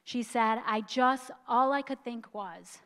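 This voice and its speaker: A woman preacher delivers a sermon in a fairly high voice, telling a story emphatically and slowing down on key lines. She sounds choked up with emotion at times. Her voice carries a long reverb, as in a church hall. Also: steady tone, a bit bright.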